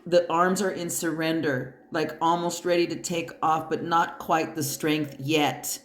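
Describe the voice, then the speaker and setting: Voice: medium pitch, steady tone, unhurried, a bit bright, a little hiss or hum. A tarot card reader giving a pick-a-pile reading. The reader talks bluntly and emphatically, swears freely and speaks straight to the listener with encouragement. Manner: encouraging, addresses the listener directly. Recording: roomy echo.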